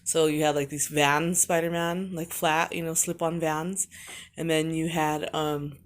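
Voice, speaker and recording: A woman's voice: sits low, little pitch movement, unhurried. A middle-aged woman recording a personal video message to her absent son, talking in a rambling, heartfelt way with lots of fillers.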